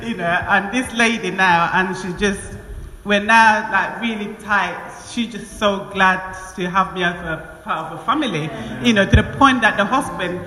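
A woman stands before a congregation sharing a testimony. She tells it in an animated way, laughing often and acting out both sides of conversations. Her bright voice rings through a large echoing hall with faint room noise behind it. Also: mid-range voice, a little slow, a faint crowd. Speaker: church member giving testimony. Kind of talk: church testimony. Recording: echoey hall with long reverb.

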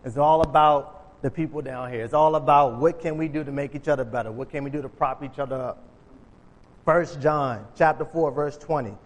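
Speaking fairly quickly in a voice on the high side, a preacher gives an informal sermon. He retells Bible stories conversationally and casually, voicing the characters as a long hall reverb trails his words.

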